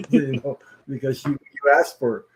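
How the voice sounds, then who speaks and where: A man hosting a live-stream tarot reading, speaking in halting, amused bursts as he searches for words. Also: mid-range voice, fairly even intonation, slight background noise, rough recording. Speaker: host and tarot reader.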